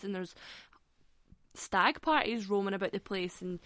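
A young woman with a Scottish accent tells a story with lively, profane energy, often breaking into laughter. Her voice has a gravelly, creaky edge at an average pitch. The recording is dry and close, with no room echo. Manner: animated, swearing, laughing often. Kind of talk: casual storytelling.

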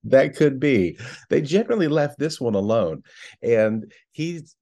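A man's voice: mid-range voice, very animated, a little slow, gravelly, mellow. A middle-aged man co-hosting a podcast, telling a story in casual chat and laughing often. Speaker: podcast co-host.

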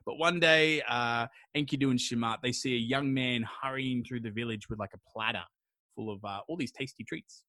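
A podcast host, a man, retelling an old epic in a rambling, crude, jokey way, slipping into quick voices for the characters. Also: mid-range voice, steady tone, sharp tone, no echo. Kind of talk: casual storytelling chat.

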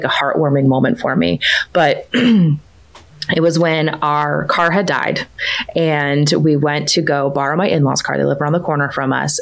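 A woman with a low-pitched voice talks casually about her family as a coaching client. She fills her sentences with "like" and "you know" and gets animated when she quotes her children. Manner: chatty, lots of fillers like "like" and "you know", animated when quoting her kids. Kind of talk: casual conversational storytelling.

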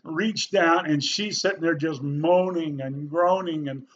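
A middle-aged man recounting a personal story with earnest, folksy warmth, turning animated when he quotes others. His voice sits a little high. The recording is slightly muffled, with a faint hiss underneath. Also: a little slow. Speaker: youth pastor. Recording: slightly dull, faint background noise.

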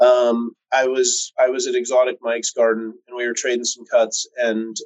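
A man's voice: medium pitch, monotone, normal speed, low-quality recording. A man in casual chat who tells long stories, swearing freely and filling gaps with "um" and "like." When he quotes other people, he acts out their voices. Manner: profane, laid-back, lots of fillers. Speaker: cannabis breeder guest.

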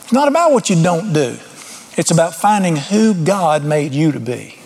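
Male preacher, middle-aged, fairly high husky voice, folksy, blunt, self-deprecating sermon delivery. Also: very animated, normal speed, darkish tone. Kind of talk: informal sermon.

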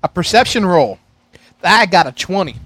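A man playing in a tabletop game, joking and quick with quips. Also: high voice, animated, a bit bright, breathy edge, no echo. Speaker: player. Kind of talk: casual chat.

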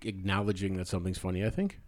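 A man's voice: low voice, steady tone, quick pace, a little mellow, dry recording, studio quality. A man co-hosting a casual podcast with his wife, teasing her and laughing often. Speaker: podcast co-host. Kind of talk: casual banter between spouses.

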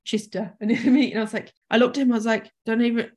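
A woman's voice: a little high, little pitch movement, very fast, darkish tone. A woman from New Zealand, a podcast guest, candidly telling a personal story and acting out the voices she quotes. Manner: candid, acts out quoted speech.

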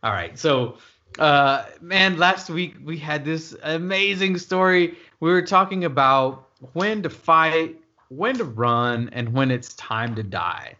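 A man hosting a podcast, talking in a slow, reflective and encouraging way. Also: a little high, animated, pushed and bright, lo-fi sound. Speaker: podcast host. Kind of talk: casual podcast chat.

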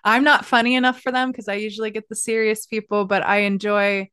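A woman hosting a casual podcast interview, relaxed and encouraging, laughing often. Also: medium pitch, fairly quick, clear, resonant tone, no echo, studio quality. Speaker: podcast host. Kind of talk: casual chat.

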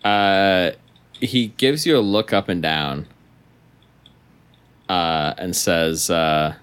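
A young man narrates a tabletop role-playing scene as game master. His voice sits very low, and he talks slowly. He pauses often and fills the gaps with ums. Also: a bit bright, clear, resonant tone. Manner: slow, hesitant narration with many ums.

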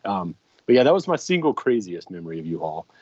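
A man's voice: deep voice, sing-song, fast, a little mellow. A man in his forties, a podcast co-host, telling a casual story with lots of ums and restarts. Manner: rambling anecdotes with many ums and restarts. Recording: dry, slightly muffled podcast mic.

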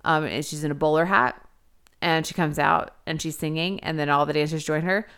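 Bright, clear-voiced woman podcaster. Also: low-pitched, fairly quick. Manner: frank, swears casually, lots of "like". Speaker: podcast co-host. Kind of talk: casual movie review chat.

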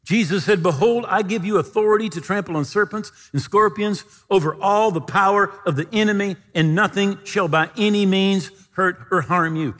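A man's voice: high-pitched, normal speed, hardly any pauses. A man preaching a sermon and telling stories, acting out the voices of the people he quotes. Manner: animated, acts out quoted voices in his stories. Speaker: pastor. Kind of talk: sermon with storytelling. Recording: long reverb of a large hall.

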